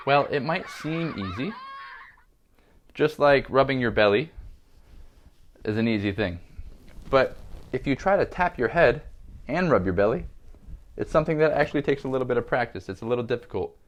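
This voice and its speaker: A man teaching a music lesson, calmly explaining and counting beats aloud. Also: medium pitch, moderate pace, pauses often, muffled recording. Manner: calm, steady instruction, counting beats aloud.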